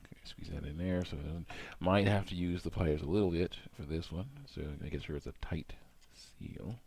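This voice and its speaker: Gravelly low-voiced man rambling. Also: brisk, darkish tone, a little hiss or hum. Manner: rambling, full of "mm" and "you know" fillers; acts out his own remarks in quotes. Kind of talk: casual rambling monologue while working with his hands.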